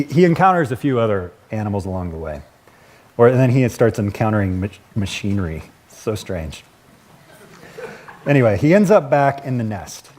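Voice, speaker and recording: A man's voice: lowish voice, mellow. A male pastor giving a casual, conversational sermon, chuckling and correcting himself as he goes.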